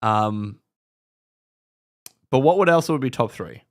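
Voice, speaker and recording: A man's voice: mid-range voice, animated, takes it slowly. A man with an Australian accent hosting a live stream, chatting casually and rambling with his viewers, swearing now and then.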